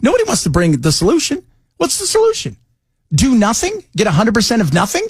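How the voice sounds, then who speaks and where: Talk radio host, man, lively swooping voice, slightly high, dry studio sound. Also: brisk, husky, no echo. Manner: animated, jokey, loose asides. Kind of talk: casual talk radio banter.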